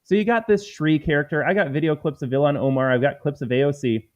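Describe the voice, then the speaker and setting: An American man hosts a live political commentary stream, speaking emphatically and combatively and addressing his viewers as folks. His voice is a little high with a darkish tone, and he talks fast. The stream audio is lo-fi and slightly dull.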